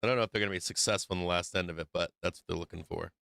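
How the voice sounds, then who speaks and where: A man's voice: sits low, steady tone, racing, gravelly, bright, forceful tone, smooth, dry recording, studio quality. A man hosting a live stock market stream, commenting casually on charts, laughing often, swearing and teasing his chat. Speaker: stock market livestream host.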